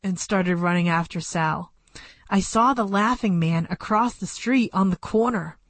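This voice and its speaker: A woman reading a first-person story aloud as an audiobook narrator, in a plain, measured storytelling manner, close to a studio mic. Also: on the low side, no room sound.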